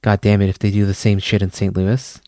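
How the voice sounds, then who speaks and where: A man's voice: on the low side, flat delivery, a little fast, dark tone, dry recording, studio quality. A man streaming, chatting casually with his viewers, rambling and swearing as he goes. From Canada. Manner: rambling, swears often, chuckles.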